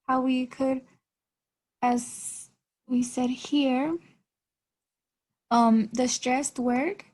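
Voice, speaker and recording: A young woman giving a class presentation with a slightly high voice. She explains step by step and often breaks off and restarts her sentences. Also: a little mellow. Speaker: student presenter.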